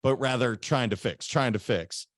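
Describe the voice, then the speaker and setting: Male podcast host, mid-pitched, earnest and thinking aloud, dry close sound. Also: moderate pace, dry recording. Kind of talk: conversational interview.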